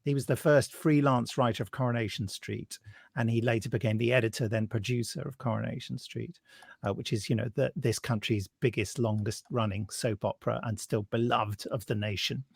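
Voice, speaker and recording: A man's voice: mid-range voice, brisk, vocal fry, slightly rough, no echo, clean studio sound. A British man co-hosting a podcast, talking casually and with animation. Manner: chatty, animated, laughs while talking. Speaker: podcast co-host. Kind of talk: casual chat.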